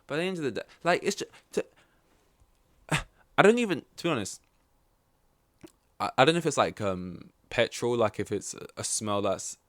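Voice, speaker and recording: A man's voice: mid-range voice, animated, normal speed, long pauses, fairly bright tone, no room sound. A young man, hosting a casual solo podcast and telling a story in a rambling, blunt, laid-back way with some swearing. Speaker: podcast host.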